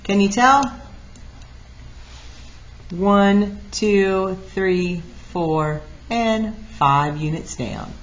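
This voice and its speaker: A woman teacher of middle pitch explains math step by step, with a lively, animated delivery. The recording is dull and lo-fi. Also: extremely slow, long pauses. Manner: lively, talks through steps aloud.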